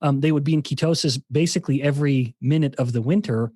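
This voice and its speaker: This scientist talks fast in a fairly high, mellow voice, recorded at studio quality without echo. A guest on a podcast interview, he explains ideas by thinking aloud, often restarting his sentences.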